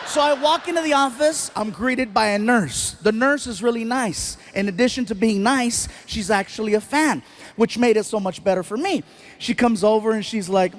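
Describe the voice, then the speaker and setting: High-pitched dude doing stand-up, animated, self-mocking, faint room noise behind. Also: male voice, moderate pace. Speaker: stand-up comedian. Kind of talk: stand-up storytelling.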